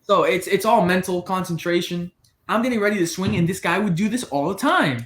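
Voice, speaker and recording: High-voiced young man telling a story. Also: brisk, roomy sound. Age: 20s. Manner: animated storyteller acting out quoted people. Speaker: podcast co-host. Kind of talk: casual storytelling chat.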